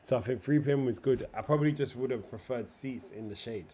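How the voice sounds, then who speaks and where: A man's voice: mid-range voice, fast, breathy edge. Slangy young streamer, man. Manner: slangy, swearing, emotional and animated. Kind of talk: casual livestream chat.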